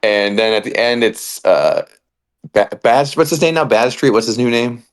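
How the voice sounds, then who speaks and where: A man co-hosting a casual wrestling podcast, telling it in an animated, ranting way and swearing freely. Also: medium pitch, moderate pace, clear, resonant tone. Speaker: podcast co-host.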